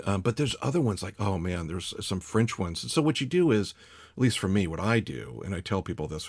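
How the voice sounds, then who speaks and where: Male host, very low voice, quick rambling delivery, dry sound. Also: a little mellow, breathy edge, no echo. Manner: chatty, rambling, many restarts and fillers. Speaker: audiobook narrator, podcast host. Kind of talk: casual conversation.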